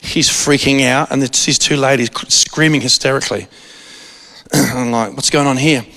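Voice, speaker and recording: A man preaching a sermon, telling a story in an animated way with frequent restarts. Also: mid-range voice, moderate pace. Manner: animated, restarts often, acts out quoted voices. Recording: long hall reverb.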